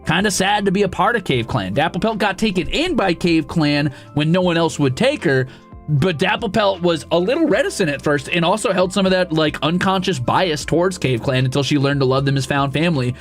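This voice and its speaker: A man streaming and chatting casually, excitable and profane, with sudden loud outbursts. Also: a little high, brisk, soft background music. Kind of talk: casual live-stream chat.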